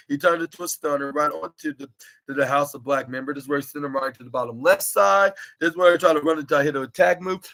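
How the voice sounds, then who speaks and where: A man's voice: fairly high pitch, a bit bright. A man hosting a podcast, recapping a wrestling show in a casual, rambling way with lots of filler words. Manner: rambling, heavy on "like" and "this is where". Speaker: podcast host.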